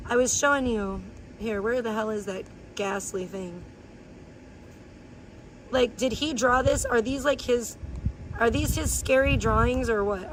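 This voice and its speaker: A woman live streamer ranting in blunt, crude, gossipy chat and sometimes breaking into high playful chants. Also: noisy background. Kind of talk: casual IRL livestream chat.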